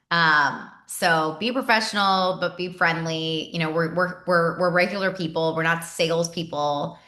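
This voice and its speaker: A woman's voice: fairly low pitch, sharp tone, roomy sound. A woman giving a casual sales team training talk. She chats and repeats words, and acts out sample messages.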